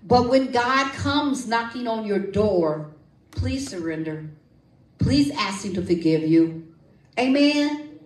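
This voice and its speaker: Lively woman preaching in an echoey church. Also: fairly high pitch, slow pace, distant mic. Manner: lively, call-and-response, folksy. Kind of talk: sermon with testimony and prayer. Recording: echoey room, voice from off-mic.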